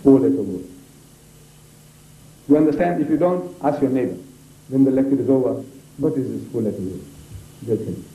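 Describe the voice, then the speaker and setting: A man's voice: a little high, mellow. An older man from South Africa giving a public debate lecture, emphatic and full of rhetorical questions to the audience. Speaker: debate speaker. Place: large lecture hall. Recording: echoey hall, voice from a distant mic.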